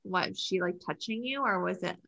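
A woman's voice: lowish voice, fairly quick, creaky, a crowd in the background, rough recording. A woman hosting a casual podcast chat, bubbly and enthusiastic. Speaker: podcast host.

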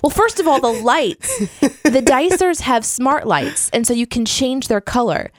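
A woman's voice: high-pitched, expressive, unhurried, dry recording. A woman co-hosting a podcast in a home studio, chatty and upbeat, telling stories and laughing easily. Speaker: podcast co-host, radio professional. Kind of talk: casual podcast chat.

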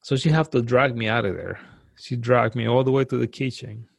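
A man tells a frightening personal experience in a halting, earnest way, often repeating words and starting over. His voice is gravelly with a mid-range pitch. The recording is close and dry. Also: fairly even intonation, no room sound. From outside the US, now lives in the US. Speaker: guest telling a personal story.

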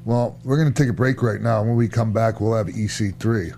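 A man's voice: fairly low pitch, brisk, gravelly, warm tone, a little hiss or hum. Easygoing male podcast host. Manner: easygoing, chatty. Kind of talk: casual podcast chat.

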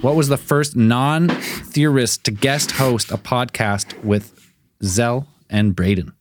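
A Canadian man hosting a podcast and running a call-in trivia segment in a brisk, teasing way. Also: medium pitch, noisy background. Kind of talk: casual chat.

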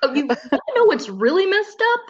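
A woman casually talking about a movie with a co-host, animated and quick to act out quoted lines in high voices. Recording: muffled lo-fi audio.

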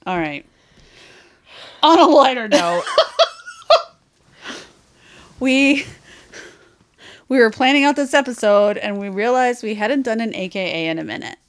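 Woman podcast co-host, casual chat, giggly, gushing, lively swooping voice, a bit high. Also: a little slow, pauses often. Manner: giggly, gushing, self-described as very emotional.

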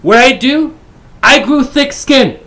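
Brief: male YouTuber, rather high voice, brash and profane casual rant. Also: slow. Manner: profane, brash, swings between shouting and mumbling. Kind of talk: casual ranting monologue.

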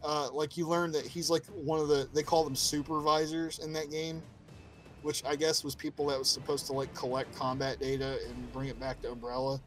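A man co-hosting a casual podcast chat, excited and profane, laughing often. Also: on the high side, fairly quick, soft background music. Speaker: podcast co-host.

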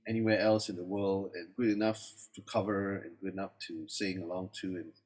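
A man's voice: low-pitched, steady tone, brisk, darkish tone. A Singaporean man co-hosting a podcast, chatting casually and often affirming with yeah and right. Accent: Singaporean English. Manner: affirming, lots of yeahs and rights. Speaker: podcast co-host. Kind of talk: casual chat.

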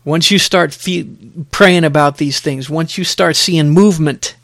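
A man's voice: fairly high pitch, measured pace, vocal fry, a bit bright, dry recording, clean studio sound. A middle-aged man hosting a podcast, preaching in an emphatic, exhorting way and repeating phrases for effect. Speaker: podcast host. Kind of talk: preaching, sermon-like podcast talk.

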